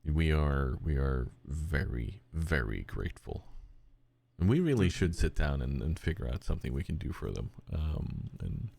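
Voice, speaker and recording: A man co-hosting a podcast in casual, rambling chat, animated and given to quick put-on voices when quoting. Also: vocal fry, slightly rough. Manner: rambling and animated, slips into high cute voices for quotes. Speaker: podcast co-host.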